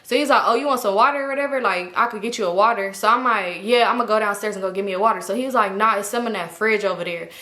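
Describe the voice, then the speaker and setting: A woman's voice: mid-range voice, reverberant. A young woman, telling a wild night story casually, acting out the people she quotes. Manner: fast, animated retelling with quoted voices. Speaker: vlogger.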